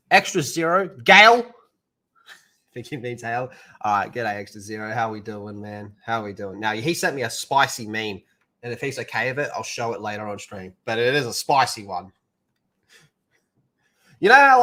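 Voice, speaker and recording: A man hosting a live stream, greeting viewers and reading out the chat with crude, rowdy jokes and loud bursts. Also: medium pitch. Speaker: livestream host.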